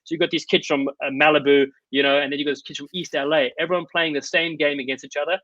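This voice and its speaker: Brief: South African man, podcast guest, quick eager storyteller, bright tone, dry slightly muffled audio. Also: a little high, steady tone, dry recording. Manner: eager, rapid storytelling with many fillers. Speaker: podcast guest, rugby commentator. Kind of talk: conversational interview.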